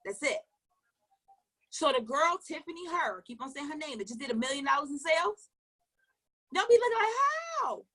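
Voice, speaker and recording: A woman with a high, bright voice gives a motivational coaching talk. She talks emphatically, fires question after question, and repeats her points. Now and then she drops into low asides. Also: big pitch swings, a little fast, long pauses. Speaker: network marketing coach.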